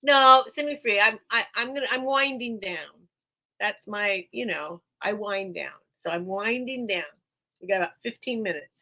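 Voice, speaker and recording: A woman hosts a relaxed live-stream sale, talking in loose, rambling chat and laughing often. Her voice is bright and clear, and she sounds a little worn from being unwell. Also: mid-range voice, normal speed, poor audio. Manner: chatty and rambling, laughs often, repeats herself. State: unwell, recovering from illness. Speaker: online seller hosting a live sale.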